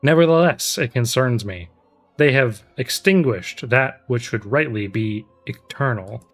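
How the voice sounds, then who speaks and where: A man's voice: mid-range voice, measured pace, fairly bright tone, faint music behind, natural voice. A man reading the lines of solemn, ancient male fantasy villains aloud from a game on a stream, in a mock-grand tone.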